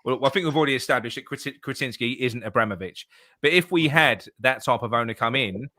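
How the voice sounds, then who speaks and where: Bright-toned male host, dry sound. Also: mid-range voice, fast, no echo. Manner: relaxed, laughs often, steers the talk. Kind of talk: casual football chat.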